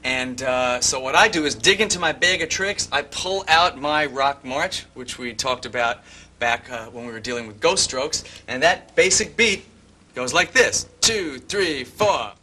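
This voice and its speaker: An older man teaching drum parts step by step, explaining calmly and humming bass lines as he goes. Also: moderate pace, slight background noise. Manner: methodical, hums bass lines as syllables. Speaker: drum instructor. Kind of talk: instructional explanation with count-ins.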